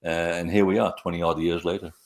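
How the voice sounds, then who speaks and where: Deep-voiced man telling stories. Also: steady tone, fast talker, creaky, a little mellow. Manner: rambling, hesitant with frequent fillers. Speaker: author guest. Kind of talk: conversational storytelling interview.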